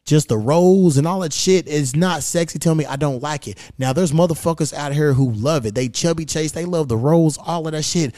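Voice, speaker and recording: A man's voice: on the high side, normal speed, hardly any pauses, dark tone, no echo, studio quality. A man hosting a podcast, talking casually and venting in a blunt, profane, frustrated way into a stand microphone. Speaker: podcast host.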